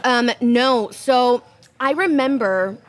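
A woman's voice: on the high side, takes it slowly. Bubbly woman telling stories over dinner. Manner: bubbly, animated storyteller, laughs often. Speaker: guest. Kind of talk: casual dinner conversation. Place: restaurant.

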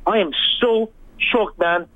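Fed up guy calling in, high voice, rambling rant, sounds like a phone line. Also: slow pace, no room sound. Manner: frustrated, rambling, acts out what he said. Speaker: caller. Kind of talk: call-in radio rant.

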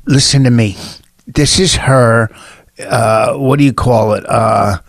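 A man's voice: mid-range voice, slow pace, creaky, no room sound, clean studio sound. A man co-hosting a podcast, bickering defensively with his partner and talking over her, his voice jumping up when he argues. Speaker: podcast co-host. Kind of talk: casual bickering chat.

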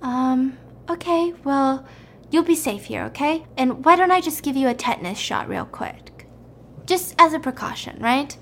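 A woman's voice: sits high, lively intonation, normal speed, fairly bright tone. A woman voicing a shady male doctor who hesitates, then reassures his patient in a falsely soothing way. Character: shady hospital doctor, smoothly reassuring man.

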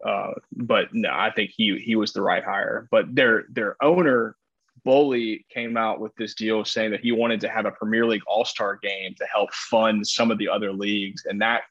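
A man's voice: fairly low pitch, fairly even intonation, normal speed, fairly bright tone, husky, no room sound, dull audio. A man co-hosting a casual sports talk show, rambling through his points with lots of fillers and restarts. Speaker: podcast co-host, soccer analyst.

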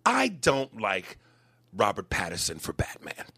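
A man's voice: fairly low pitch, wildly swooping pitch, measured pace, bright, forceful tone, slightly rough, dry recording, clean studio sound. A man in casual podcast chat, giving blunt, emphatic opinions.

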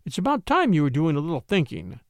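A man voicing an anxious young widow in a storybook reading, plaintive and quick to scold. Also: fairly high pitch, wildly swooping pitch, no echo, studio quality. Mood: pleading, anxious.

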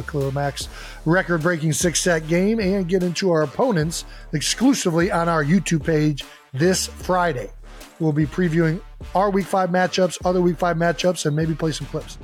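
A man with a high-pitched voice co-hosting a casual sports podcast. He talks in an animated, profane way and breaks into shouted play-acting. Faint music sits underneath. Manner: animated, swearing, acts out a frustrated lineman. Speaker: podcast co-host.

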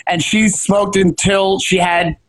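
A man's voice: sits high, flat delivery, slow, a bit bright, rough recording. A man co-hosting a podcast, rambling in casual chat, restarting his sentences and laughing often. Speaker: podcast co-host.

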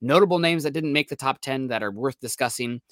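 A man co-hosts a casual sports podcast in a bright, forward voice, rambling cheerfully and leaning on plenty of ums and uhs. The sound is dry and close, with no room around him. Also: medium pitch, a little fast, no echo. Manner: rambling, upbeat, filler-heavy. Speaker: podcast co-host.

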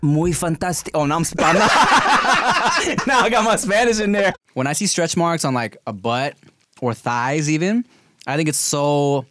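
Lively man chatting on a podcast. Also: a little high, measured pace, slight background noise. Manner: animated storyteller, laughs often, swears freely. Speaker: podcast co-host. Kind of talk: casual chat. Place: podcast studio.

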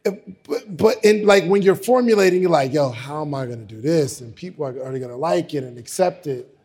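A man's voice: on the high side, lively intonation, a little fast, darkish tone, breathy edge. A man hosting a live onstage interview, casual, slangy and enthusiastic. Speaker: host.

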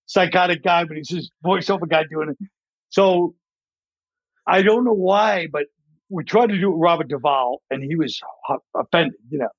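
A man with a fairly high speaking voice spins long, rambling comedy stories and slips into character voices as he tells them. The sound is dry and a little dull, like a close studio podcast mic. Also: slightly rough, dry recording. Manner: rambling, animated storyteller who acts out voices. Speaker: comedian guest. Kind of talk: casual interview storytelling.

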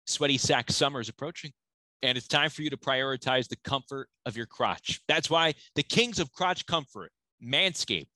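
A male podcast host delivers a sponsor read with a cheeky, joking tone. His voice is bright and forceful. The sound is dry and close, with no room. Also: mid-range voice, no echo, low-quality recording.

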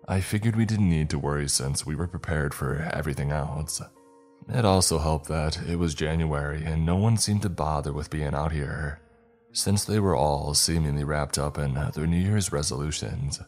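A man narrating a first-person scary campfire story in a steady, scripted storytelling manner. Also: extremely low pitch. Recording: faint music under the voice.

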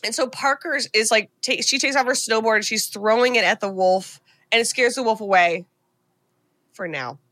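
A young woman hosting a podcast, recapping a movie in a casual, animated way with swearing and laughter. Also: on the high side, brisk, no room sound. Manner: animated, swears and laughs while retelling scenes. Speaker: podcast host.

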